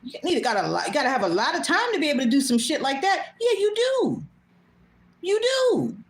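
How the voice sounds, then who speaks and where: A woman's voice: high voice, sing-song, very fast. A woman hosting her own show, talking bluntly and casually, swearing freely and laughing often. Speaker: host. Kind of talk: casual monologue. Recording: echoey room.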